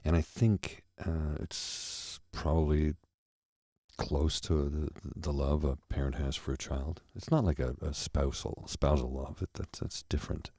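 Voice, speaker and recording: Middle-aged male host for a soft ASMR talk: husky, dry close-miked sound, unhurried and reflective. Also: a bass voice, fairly even intonation, no echo. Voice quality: soft, reflective, halting with pauses and restarts. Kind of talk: soft-spoken ASMR chat.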